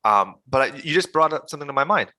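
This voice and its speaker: Blunt, profane man with a bright voice. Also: fairly high pitch, lively intonation, fast talker, no echo. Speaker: podcast co-host. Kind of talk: casual chat.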